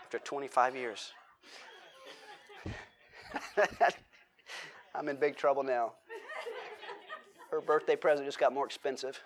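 A man's voice: medium pitch, fairly even intonation, slow, pauses often, a crowd in the background. A middle-aged man preaching a sermon in a conversational way, restarting his sentences and slipping in joking asides. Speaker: pastor.

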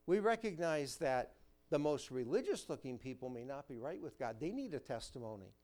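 A man preaching a sermon as pastor, swinging between emphatic raised lines and quiet low ones, reading scripture aloud. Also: lively intonation, normal speed. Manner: preacher's cadence, rising emphatic and dropping quiet, quotes scripture.

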